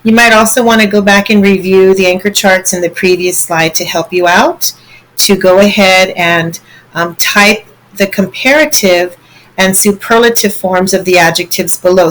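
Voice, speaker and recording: A woman's voice: medium pitch, fairly bright tone, rough recording. Patient woman teaching a lesson. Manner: patient, explains step by step, checks in with "okay?". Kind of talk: recorded online lesson walking through slides.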